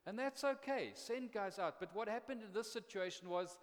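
A man's voice: high voice, normal speed. A man pastor preaching a sermon in a conversational, impassioned way, often repeating words as he builds up steam. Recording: long reverb of a large hall.

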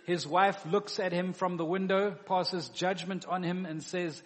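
Male preacher, sermon, fairly high voice, theatrical, long hall echo. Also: a little slow. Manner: animated, acts out biblical dialogue.

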